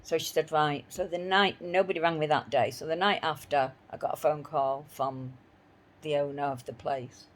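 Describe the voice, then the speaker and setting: A woman's voice: low-pitched, fairly even intonation, moderate pace. A woman telling a personal story in an indignant voice, repeating herself as she replays her arguments. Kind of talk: spoken personal account.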